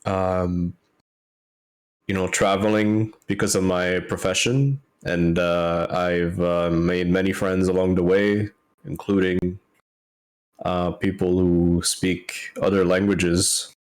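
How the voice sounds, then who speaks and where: A man playing a tabletop game, speaking in a halting, hesitant way with many fillers. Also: low-pitched, flat delivery. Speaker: player. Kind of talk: casual tabletop role-play.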